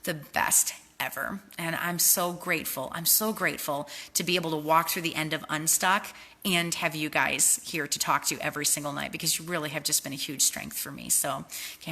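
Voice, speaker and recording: Bright-voiced, sleep-deprived woman host, encouraging. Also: lowish voice, expressive, fairly quick, gravelly. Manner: earnest, heartfelt, encouraging with faith language. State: tired from lack of sleep. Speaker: host, network marketing team leader. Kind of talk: motivational livestream talk.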